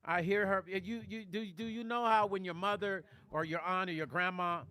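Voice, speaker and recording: A man's voice: high voice, fairly even intonation, moderate pace, pushed and bright. A man hosting a livestream, speaking emotionally and reading out viewer comments in a heartfelt, tearful way. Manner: tearful, heartfelt, reads chat comments aloud.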